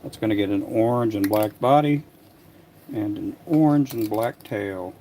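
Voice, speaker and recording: An older man making fishing lures in his workshop, chatting casually to a livestream audience in a soft, rambling way with frequent restarts. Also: fairly low pitch, measured pace, slight background noise. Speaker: lure maker livestreaming. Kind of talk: casual livestream chat while working.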